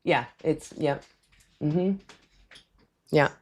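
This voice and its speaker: A woman's voice: low-pitched, drawn-out words, a little mellow. A woman hosting a casual live stream at her desk at home, rambling with lots of fillers and chatty asides.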